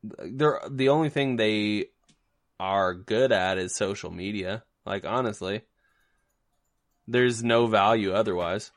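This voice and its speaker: A man's voice: fairly low pitch, slow, no echo, clean studio sound. A man co-hosting a podcast in casual chat, joking loosely with many restarts and fillers. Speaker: podcast co-host.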